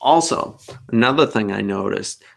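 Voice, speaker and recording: Gravelly-voiced rambling podcast host. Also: male voice, fairly low pitch, normal speed. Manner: rambling, talkative. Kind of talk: casual chat over video call. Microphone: video call.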